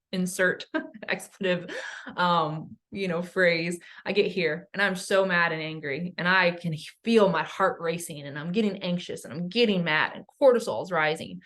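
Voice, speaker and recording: A woman's voice: lowish voice, fairly bright tone. Earnest woman explaining nervous system healing. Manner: earnest, explains with questions and lists. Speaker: somatic coach. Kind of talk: educational talk.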